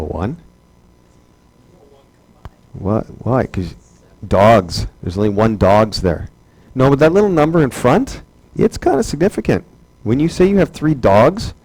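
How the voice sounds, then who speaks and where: A man's voice: mid-range voice, darkish tone, dry recording, rough recording. A man teaching a math class, chatty and joking, asking rhetorical questions over and over. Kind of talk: classroom lecture.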